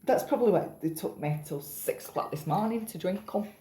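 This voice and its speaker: A woman's voice: medium pitch, lively intonation, a little fast, mellow, reverberant. Tired, chatty woman rambling. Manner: chatty, rambling, swears casually, self-mocking. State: tired after a night up. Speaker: vlogger. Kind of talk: rambling casual vlog monologue.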